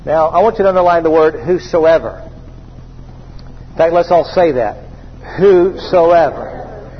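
A high-voiced male pastor delivers a sermon in a church, drawing the crowd into call-and-response. The recording sounds dull and lo-fi, with a long reverb tail and faint background noise. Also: normal speed. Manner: call-and-response preaching, repeats phrases.

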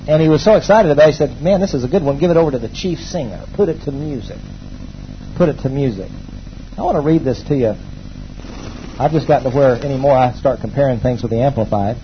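A man preaching a sermon to a congregation, emphatic, swinging between loud exclamations and low asides and calling on the people to respond. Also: expressive, fairly quick, pauses often, lo-fi sound, a little hiss or hum. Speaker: pastor. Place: church hall before a congregation.

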